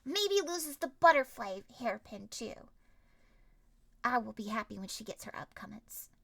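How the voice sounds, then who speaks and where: A woman streaming a visual novel, reading it aloud and reacting with animated, theatrical comments. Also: a little high, unhurried, vocal fry, dry recording.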